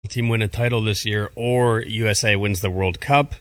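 A man's voice: on the low side, fairly even intonation, moderate pace, dry recording. A man co-hosting a sports talk show, reading poll numbers with dry wit. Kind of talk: casual radio chat.

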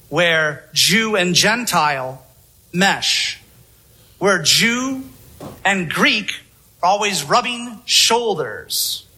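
A male preacher with a high, very bright voice and a husky edge to it. He delivers his sermon slowly and deliberately, leaning on rhetorical questions to draw the listeners in. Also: rough recording.

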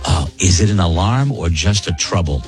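Male radio host, lively up-and-down delivery, playful banter, faint music bed. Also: deep voice, normal speed. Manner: animated, joking, laughs often. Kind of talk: casual on-air banter reading listener emails.

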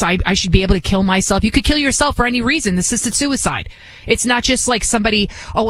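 A woman host talks straight into a dry, close mic with no room echo. Her delivery is forceful and insistent, and she doubles back on phrases to hammer them home. Her pitch sits in an ordinary middle range. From United States. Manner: emphatic, repeats phrases for stress. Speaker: talk show host. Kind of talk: opinionated political commentary.

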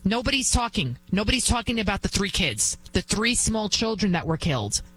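A woman's voice: mid-range voice, lively intonation, fairly quick, a bit bright, slight background noise, poor audio. A woman filling in as a talk radio host, giving an emphatic, indignant monologue with lots of repetition.

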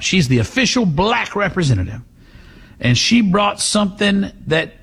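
A man's voice: high voice, a bit bright, breathy edge. A man hosting a talk radio show, giving sarcastic, mocking commentary. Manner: sarcastic, mocking, puts on voices.

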